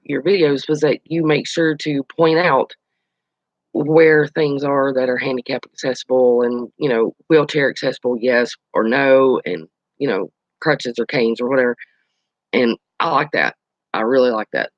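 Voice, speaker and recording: A man's voice: mid-range voice, normal speed, no room sound, muffled recording. A man hosting his own channel, chatting casually on a live stream, telling stories and answering viewer comments. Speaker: channel host.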